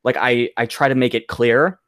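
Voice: mid-range voice, fairly even intonation, normal speed, a bit bright, no room sound, clean studio sound. A young adult co-hosting a podcast in casual chat, easygoing and agreeable, chuckling often. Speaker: podcast co-host.

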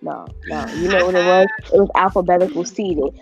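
A young woman chatting playfully on a podcast, jokey and animated. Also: fairly low pitch, brisk, highs cut off, faint music behind. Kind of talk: casual podcast chat.

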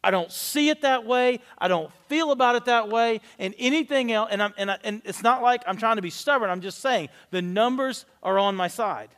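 A man's voice: very high voice, normal speed, hardly any pauses, a bit bright. A man in his forties, a pastor giving a conversational sermon, candid and telling stories with self-deprecating humor. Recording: long reverb of a large hall.

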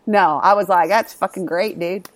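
A woman's voice: lowish voice, normal speed. A woman in her thirties chatting casually and candidly about her kids, swearing freely. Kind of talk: casual chat.

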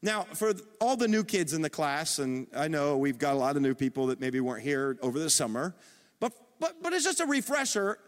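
A middle-aged man preaching a sermon as pastor, animated and calling on the congregation to respond. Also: on the high side, brisk. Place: church auditorium. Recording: long reverb of a large hall.

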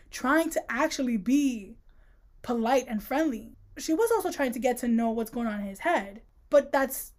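A woman co-hosting a casual book podcast, her voice sitting a little on the high side. She retells scenes in an animated, slangy way, slipping into the characters' dialogue mid-sentence. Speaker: podcast co-host. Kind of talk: casual book-discussion chat.

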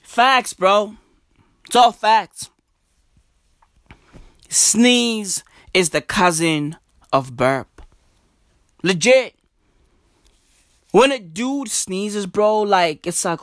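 A woman doing a profane, slang-filled comedic rant, repeating her catchphrases and slipping into soft mock-polite asides. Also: medium pitch, big pitch swings, very slow, long pauses, no echo, clean studio sound.

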